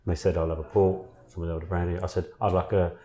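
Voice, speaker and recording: Deep-voiced man telling stories. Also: flat delivery, quick pace, mellow. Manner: swearing storyteller, laughs often. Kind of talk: casual chat, anecdotes.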